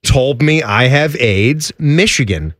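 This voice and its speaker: A man from Ohio, a radio show host, chatting in a playful and excitable way. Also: slow, no echo. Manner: playful, excitable, jumps up in pitch. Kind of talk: casual radio banter. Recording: dry close studio mic.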